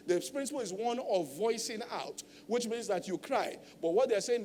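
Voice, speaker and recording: High-voiced man preaching in a hall. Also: a little mellow, a little hiss or hum. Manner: emphatic teaching, tag questions like "all right?". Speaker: pastor. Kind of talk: sermon.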